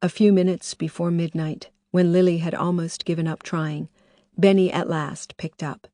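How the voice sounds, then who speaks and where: A woman reads a novel aloud in a measured, even way. Her voice is somewhat low. The studio recording is dry and close. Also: dry recording. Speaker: audiobook narrator. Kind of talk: scripted narration.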